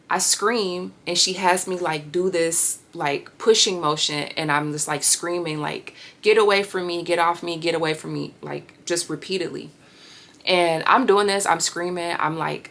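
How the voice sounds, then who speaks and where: A woman in her thirties candidly telling a personal healing story, reflective and pausing often. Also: deep voice, gravelly, a bit bright. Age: 30s. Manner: reflective, with pauses and fillers. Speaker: vlogger sharing a healing story.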